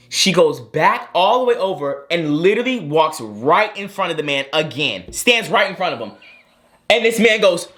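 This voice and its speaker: A young man telling a story to viewers in an animated way, with many fillers like "like" and "um". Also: sits high, normal speed. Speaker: co-host, son.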